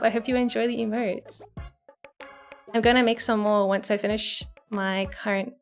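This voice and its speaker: A woman's voice: fairly high pitch, steady tone, normal speed. A young woman streamer chatting casually and rambling through a story, with lots of fillers and giggles. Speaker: virtual streamer. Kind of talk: casual live-stream chat. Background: soft background music.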